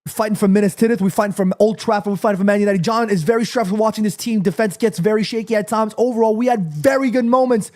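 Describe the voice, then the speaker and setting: A man streaming a live football watchalong, reading chat aloud and ranting with passion, swearing freely and swinging between calm and heated outbursts. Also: high voice, quick pace, few pauses. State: sweaty after the match.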